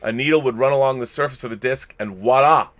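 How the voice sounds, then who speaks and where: A man's voice: medium pitch, fast. A middle-aged man co-hosting a casual live stream, chatting and reading viewer tips aloud with his own asides.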